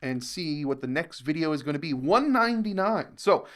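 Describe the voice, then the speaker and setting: A man's voice: fairly high pitch, animated, moderate pace, a bit bright. Casual American man reacting aloud. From United States. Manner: thinking aloud, reading comments, fillers. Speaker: reaction channel host.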